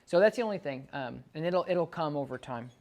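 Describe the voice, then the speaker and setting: A man working as a dog trainer, calmly coaching a client through exercises and counting out the timing. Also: on the high side, fairly quick. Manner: calm, coaching, counts out loud. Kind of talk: instructing a client during training.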